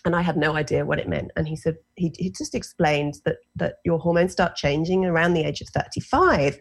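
A woman in her forties with an English accent, telling her own story as a guest in a casual interview, animated and self-deprecating. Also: lowish voice, fairly quick, hardly any pauses, slightly rough. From England. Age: 40s. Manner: animated, self-deprecating, lots of fillers and restarts.

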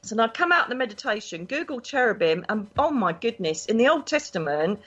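A woman, a psychic guest telling stories in a chatty, animated way. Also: on the high side, a little fast, breathy edge. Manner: animated, chatty, acts out voices in her anecdotes. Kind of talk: casual storytelling interview. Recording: dull lo-fi recording.

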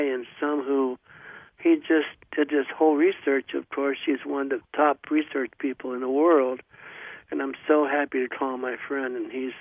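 A man hosting a talk show, telling a story in a loose, rambling way, often stopping to restart his sentences. His voice sits at an ordinary middle pitch and sounds thin and narrow, like it is coming down a phone line. The sound is dry, with no room around it. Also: dry recording. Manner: rambling, halting with many ums and restarts. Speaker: radio show host. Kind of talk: casual storytelling monologue.

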